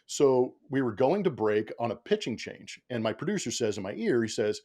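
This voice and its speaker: Male baseball broadcaster as podcast guest, mid-pitched, animated yarn-spinner who acts out what people said. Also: moderate pace, few pauses, slightly rough. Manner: animated storyteller, acts out quotes, laughs often. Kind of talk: casual interview storytelling.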